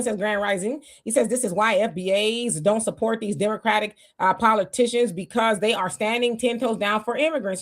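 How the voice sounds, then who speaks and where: A woman's voice: a little high, a little fast, hardly any pauses. A woman co-hosting a casual political livestream, reading viewer comments aloud and reacting heatedly. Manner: heated, exclamatory, talks to viewers as y'all.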